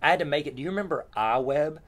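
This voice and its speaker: A man's voice: a little high, expressive, rapid-fire. A man co-hosting a podcast in casual chat, joking and playing along with bits. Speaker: podcast co-host.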